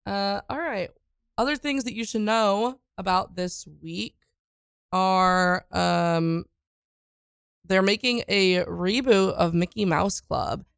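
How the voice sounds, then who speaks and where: Blunt woman with a gravelly creak. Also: medium pitch, slow, no room sound, studio quality. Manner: blunt, swears freely, rambles with fillers. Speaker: vlogger recapping the news. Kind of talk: casual opinionated news chat.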